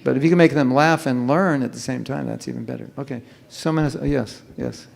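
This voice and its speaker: Fairly quick and a little mellow, with some vocal fry, a mid-range male voice leads a live chanting workshop through a microphone. He jokes a lot and acts out lazy, mumbled chanting for the audience.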